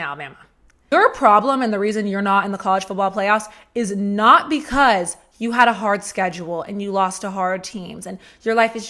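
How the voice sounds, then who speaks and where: Speaking in a sharp, mid-range voice, this woman runs a solo sports podcast as a Georgia fan. She's blunt and sassy, tossing in casual curses and mocking side remarks.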